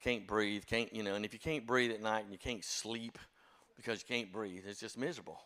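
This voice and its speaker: A man's voice: on the low side, steady tone, brisk, a bit bright. Folksy older storyteller man. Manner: folksy, self-deprecating storyteller. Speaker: church music director. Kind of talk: storytelling talk to a congregation.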